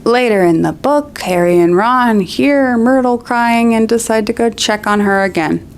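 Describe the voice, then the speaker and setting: A woman's voice: fairly high pitch, measured pace, smooth. Sarcastic woman giving critical commentary. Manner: sarcastic, pointed. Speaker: video essayist. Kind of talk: critical commentary with book reading.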